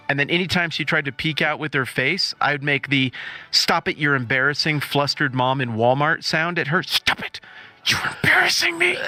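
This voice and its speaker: A man co-hosting a podcast in casual chat, telling stories with animated comic exaggeration. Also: fairly high pitch. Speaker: podcast co-host.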